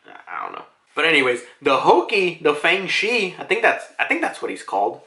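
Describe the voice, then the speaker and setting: A man casually reviewing a comic chapter, excitable and swearing often. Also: a little high, fairly quick, vocal fry. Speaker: manga reviewer. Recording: roomy echo.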